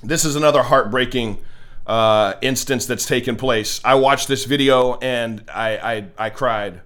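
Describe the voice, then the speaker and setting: A man's voice: medium pitch, unhurried, a bit bright. An American man hosting a political commentary show, delivering an impassioned, preachy monologue and often repeating words as he starts a thought. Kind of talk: opinionated monologue.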